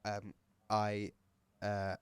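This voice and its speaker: A man's voice: lowish voice, completely flat delivery, takes it slowly, clean tone, no room sound. A British man in his thirties telling a story in casual podcast chat, emotional and full of restarts. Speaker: guest host.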